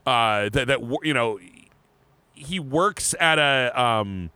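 A man co-hosting a podcast, telling a story in casual chat, animated and laughing, often restarting his words. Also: mid-range voice, slow, clear, resonant tone, dry recording. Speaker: podcast co-host.

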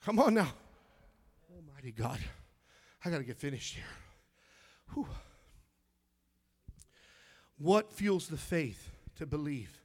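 A middle-aged man's slightly high, slightly rough voice carries a fervent sermon at a somewhat slow pace, with big swings in pitch. He shifts from loud exclaiming to near-whispered storytelling, repeating words when moved.

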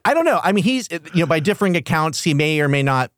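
A man co-hosting a casual chat, animated and laughing often. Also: on the high side, quick pace. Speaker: podcast co-host.

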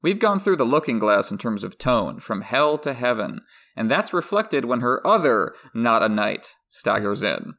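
A man co-hosting a podcast, reading prepared literary analysis in a measured way. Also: mid-range voice, sing-song, fairly bright tone. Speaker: podcast co-host.

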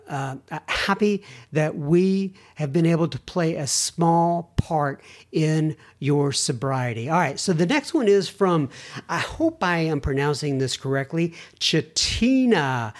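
Male podcast host, reads listener mail, conversational with chatty asides. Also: fairly high pitch. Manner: reads letters aloud with asides and self-corrections. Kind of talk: casual podcast talk.

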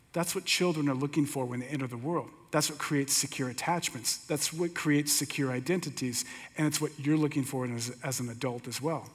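A middle-aged man teaching a sermon, telling stories in a relaxed, conversational way with humor. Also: a little high. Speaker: pastor teaching. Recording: long hall reverb.

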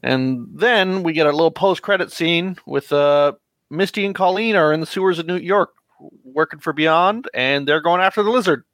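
A man with a fairly high voice recorded dry and close. He rambles through a recap in casual chat, full of fillers, now and then dropping into a quick line for a character. It sounds like a friend telling the plot. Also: fairly bright tone, dry recording. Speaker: podcast panelist recapping a comic.

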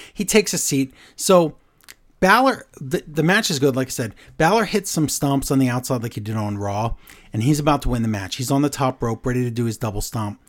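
A man co-hosting a podcast, recapping matches in casual, animated storytelling and putting on voices for the lines he quotes. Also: medium pitch. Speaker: podcast co-host.

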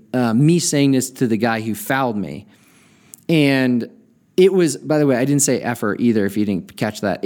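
A man hosting a podcast, telling a personal story in an earnest, reflective way and slowing down to stress key points. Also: medium pitch, darkish tone. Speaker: podcast host.

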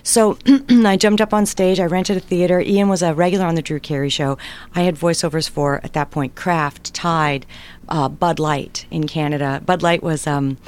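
A woman's voice: sits low, normal speed, clean tone. A middle-aged woman, a writer and performer, telling stories in a conversational interview and acting out family voices along the way. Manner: animated, acts out family voices in anecdotes.

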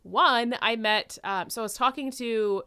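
A woman's voice: fairly high pitch, measured pace, bright, forceful tone, clear, resonant tone. A woman co-hosting a podcast in a casual chat, telling stories in a bubbly, upbeat way. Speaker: podcast co-host.

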